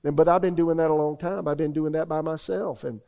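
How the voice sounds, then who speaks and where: An older male pastor preaches in a loose, conversational way, with a gravelly edge and a dark, mellow tone. He rambles a little and keeps asking his congregation questions. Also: fairly high pitch, fairly even intonation, brisk. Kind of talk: conversational sermon. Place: church.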